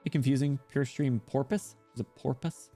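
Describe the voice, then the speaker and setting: A medium-pitched man chats casually with his stream viewers, playful and quick to laugh, with soft music playing behind him.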